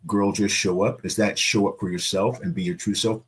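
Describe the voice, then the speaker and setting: A man hosting an interview, calm and reassuring, sometimes clearing his throat. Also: lowish voice, a little fast. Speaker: interview host.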